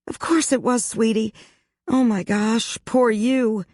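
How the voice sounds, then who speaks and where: Ashley, a worried young woman friend done by the narrator, speaks in a high, gushing voice that rises sharply. The sound is dry and close, with no room around it. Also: normal speed, darkish tone, no room sound, lightly acted. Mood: sympathetic.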